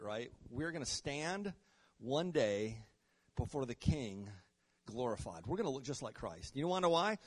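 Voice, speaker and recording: A man preaching a sermon to his congregation, rising and dropping in pitch and volume, calling out "right?" and "Amen?" and reading scripture aloud. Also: fairly bright tone. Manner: repeats and restarts words, asks congregation "right?" and "Amen?". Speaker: pastor.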